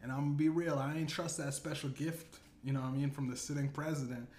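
A comedy podcast host tells an absurd story, rambling and swearing and saying "you know what I'm saying" again and again. His voice sits on the high side, with a steady, darkish tone and a fast pace. The room is echoey, with faint ambience behind him.

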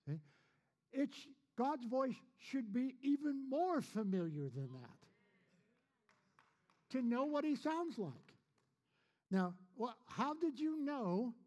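Husky high-voiced preaching man. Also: big pitch swings, slow, long pauses, darkish tone. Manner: folksy, repetitive, rhetorical questions. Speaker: pastor. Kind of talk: sermon.

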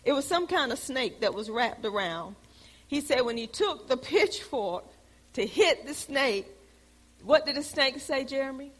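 Woman, sermon-style teaching, fairly high voice, long hall reverb. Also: a little slow. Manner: animated storytelling, rises to loud exclamations. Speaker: bible study teacher.

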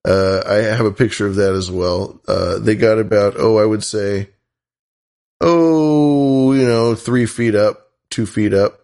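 Male podcast host from the US West Coast, low and gravelly, rambling and playful. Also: a little slow, a little mellow. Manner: rambling, playful, many restarts. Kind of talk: casual chat.

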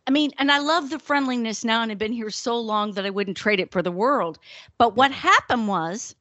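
A middle-aged woman co-hosting a podcast, telling stories in an animated way and laughing often. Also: fairly high pitch, brisk, no room sound. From the American North. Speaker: podcast co-host. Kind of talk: casual chat.

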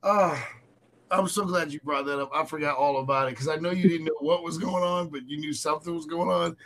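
A man hosting a radio show, chatting casually and telling a story in an animated, joking way. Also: a little high, fairly quick. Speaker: radio host.

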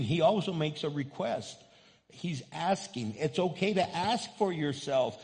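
Pastor, 50s, male, slightly high voice, slow impassioned sermon delivery with soaring cries, long church-hall reverb. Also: lively intonation. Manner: impassioned preaching, rising to loud high cries.

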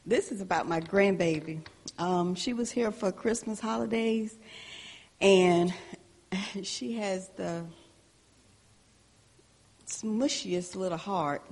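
An older woman sharing a story about her grandchild in church, soft-spoken. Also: mid-range voice, takes it slowly, pauses often, breathy edge. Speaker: church member. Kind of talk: casual testimony. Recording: distant voice in reverberant hall.

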